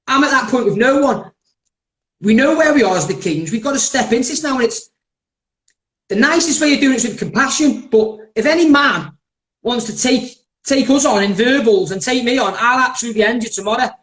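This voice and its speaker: A man's voice: very high-pitched, lively intonation, fairly quick, fairly bright tone. A man hosting a live podcast, blunt, sweary and rambling. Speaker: podcast host. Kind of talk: heated live-stream chat. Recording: roomy echoey live stream.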